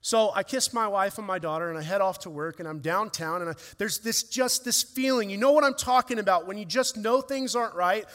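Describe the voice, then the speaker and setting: A man's voice: high voice, fairly quick, few pauses, fairly bright tone. A man preaching a sermon as a pastor, telling a family story with earnest, rising emotion. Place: church hall. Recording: long reverb of a church hall.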